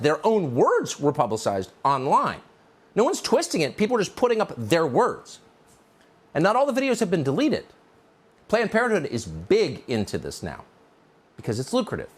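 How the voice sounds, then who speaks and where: Sarcastic man hosting an opinion monologue. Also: fairly high pitch. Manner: sarcastic, indignant. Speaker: commentary show host.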